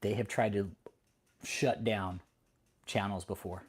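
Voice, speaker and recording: A man's voice: lowish voice, fairly even intonation, slow, slightly rough. A middle-aged man from Texas, hosting an angry, profane commentary rant full of defiance and swearing. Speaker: host.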